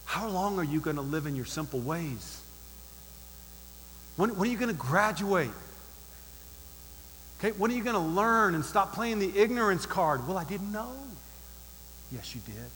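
A man's voice: high-pitched, big pitch swings, moderate pace, long pauses, a bit bright, big-room sound, a little hiss or hum, low-quality recording. A male pastor preaching a sermon, emphatic and direct, firing rhetorical questions at the congregation.

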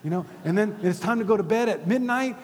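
A middle-aged male pastor preaches in a casual, talky way, his fairly high voice dropping low and soft and then rising loud. The sound carries a long reverb from a large church hall. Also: expressive, fast talker. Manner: conversational preaching with big swings from soft to loud. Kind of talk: sermon.

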